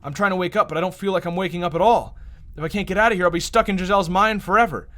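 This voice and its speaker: A man's voice: high voice, very fast, fairly bright tone, voice pushed up. A man reading a game aloud, voicing a timid, lonely young woman in an earnest, anxious way.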